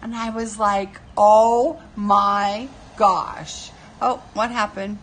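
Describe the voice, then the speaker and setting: A woman's voice: medium pitch, flat delivery, very slow, fairly bright tone. A middle-aged woman hosting a casual live stream, telling family stories with frequent laughter and answering viewers' comments.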